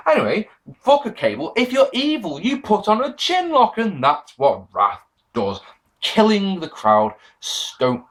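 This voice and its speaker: A man's voice: medium pitch, big pitch swings, moderate pace. A man reviewing an old wrestling show in a casual, sarcastic monologue, swearing freely and mocking what he watched. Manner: sarcastic, profane, mock-quoting people.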